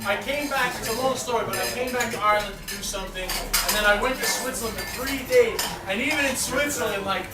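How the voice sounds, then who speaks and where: A middle-aged man from New York performing a stand-up comedy routine, telling a story in an animated, swearing style. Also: very high-pitched, fast talker, few pauses, a loud crowd. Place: comedy club stage. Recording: echoey club, distant mic, audience laughter. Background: audience laughter.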